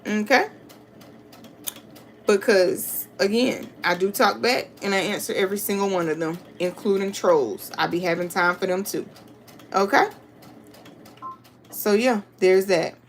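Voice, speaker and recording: A woman's voice: mid-range voice, measured pace, long pauses, a little hiss or hum. A woman hosting a live sewing stream, chatting casually with viewers and reading the chat aloud. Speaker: crafting livestream host.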